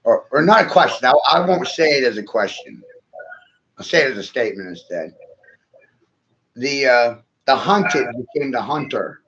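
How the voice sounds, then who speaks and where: A man's voice: medium pitch, expressive, normal speed, long pauses, fairly bright tone. A man in casual podcast chat who rambles, laughs often and plays with words. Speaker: podcast co-host. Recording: dull lo-fi sound with faint noise.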